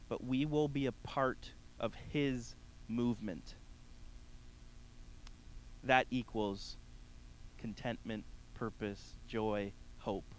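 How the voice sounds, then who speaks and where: A man's voice: mid-range voice, poor audio. Earnest male preacher with a faint hum. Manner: earnest, rising to emphatic peaks then dropping soft; addresses the congregation directly. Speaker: pastor. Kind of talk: sermon.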